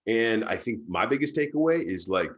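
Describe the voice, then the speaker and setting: A man's voice: fairly low pitch, expressive, normal speed, muffled recording. A man speaking as a guest on a business panel, enthusiastic and emphatic, often repeating words as he talks. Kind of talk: conversational panel talk.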